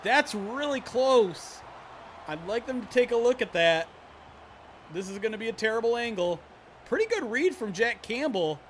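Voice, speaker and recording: A man calling a simulated football game on a livestream, switching between animated play-by-play and chatty asides to his viewers, often clearing his throat. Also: sits high, normal speed, slight background noise. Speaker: streamer doing play-by-play. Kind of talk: livestream sports play-by-play commentary.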